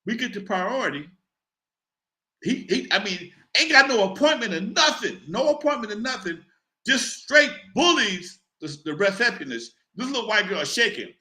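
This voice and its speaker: A man's voice: sits high, big pitch swings, moderate pace, pushed and bright. A man hosting a live show, telling a long story in a casual and profane way and acting out the voices of others.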